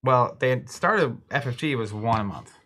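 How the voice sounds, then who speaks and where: A man's voice: mid-range voice, animated, normal speed, pushed and bright. A man co-hosting a casual tabletop game stream, chatting and speculating at length. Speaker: co-host. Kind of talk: casual chat.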